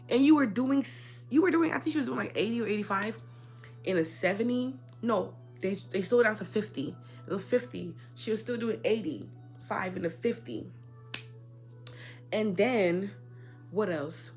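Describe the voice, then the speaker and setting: A young woman telling a personal story in a casual, indignant rant, swinging between loud outbursts and quiet asides. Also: a little high, lively intonation, normal speed, soft background music. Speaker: storyteller vlogger.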